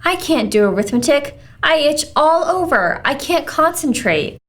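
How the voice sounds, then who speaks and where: A woman's voice: big pitch swings, unhurried, fairly bright tone, exaggerated voice. Storybook figure: woman voicing a whiny, itchy little schoolgirl. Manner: whining, complaining, higher than narration.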